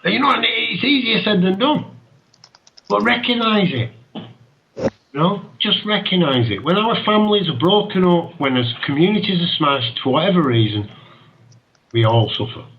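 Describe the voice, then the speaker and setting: A man's voice: high voice, animated, normal speed, muffled recording, a little hiss or hum. A man hosting an internet radio show, talking with passion, ranting and laughing often. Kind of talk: impassioned talk radio monologue.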